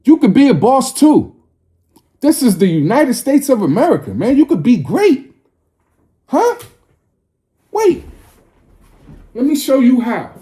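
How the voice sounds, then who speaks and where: Man, forties, ranting monologue, confrontational, preachy, mellow tone. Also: very high voice, sing-song, normal speed. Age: 40s. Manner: scolding, lecturing tone.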